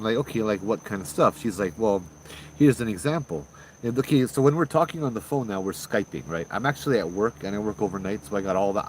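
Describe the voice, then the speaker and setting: Man in his 30s, lowish voice, casual ghost story, faint crickets behind. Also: a little hiss or hum, low-quality recording. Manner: loose and conversational, with fillers and sudden loud bursts.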